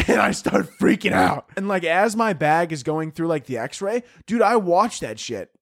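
A man hosting a comedy podcast, his voice sitting a little higher than most. He tells profane, self-mocking stories and keeps restarting his sentences. He bursts into high, excited yells of mock panic, in a close, dry recording. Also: unhurried, creaky, dry recording. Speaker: podcast host.

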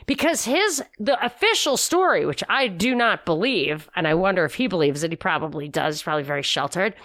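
A woman's voice: medium pitch, a bit bright, no room sound. A woman talks on a podcast in a chatty, opinionated way, breaking off and restarting her sentences as she goes. The sound is close and dry, with no room around her voice. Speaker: podcast co-host. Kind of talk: casual conversational podcast.

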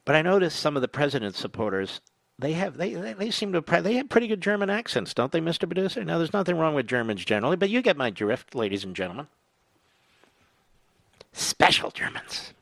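A man's voice: on the high side, creaky, dry recording. Combative male talk radio host. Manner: combative, sarcastic, rambling. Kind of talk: political talk radio monologue.

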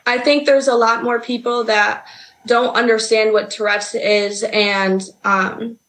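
A woman answers interview questions, explaining things in a plain, direct way. Her voice sits a little high. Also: little pitch movement, unhurried, a bit bright.

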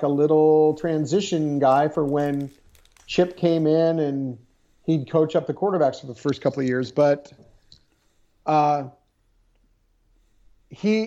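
A man with a fairly high, mellow voice talks through a sports chat, often restarting his sentences. The recording sounds dull and lo-fi. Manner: hesitant, restarts often, cautious phrasing. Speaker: sports podcast co-host.

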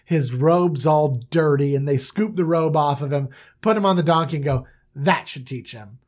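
A woman's voice: deep voice, moderate pace, darkish tone. A woman retelling a story in an irreverent, playful comedic style.

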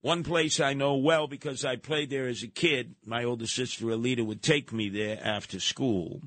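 A man's voice: mid-range voice, fairly even intonation, normal speed, fairly bright tone, no echo. A man hosting a talk radio show, ranting combatively and sarcastically and acting out the people he quotes. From New York City.

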